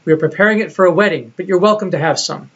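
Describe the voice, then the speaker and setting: A man's voice: high voice, racing, fairly bright tone. A man voicing hospitable Bedouin hosts who coax a guest to eat, on a dull lo-fi recording.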